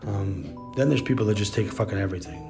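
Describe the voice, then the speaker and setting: A man's voice: lowish voice, fast, music in the background. A man hosting a podcast, telling stories in a casual, blunt and profane monologue. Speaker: podcast host.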